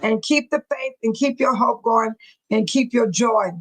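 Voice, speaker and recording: A woman's voice: a little high, a little slow, rough recording. A woman hosting a casual livestream, emotional and preachy, reading viewer comments aloud. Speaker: livestream host.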